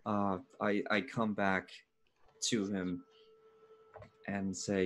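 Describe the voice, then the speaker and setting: A man's voice: on the low side, flat delivery, extremely slow, long pauses. A man playing in a tabletop game, laid-back and a bit hesitant as he talks through his turn. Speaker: player. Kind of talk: casual game chat.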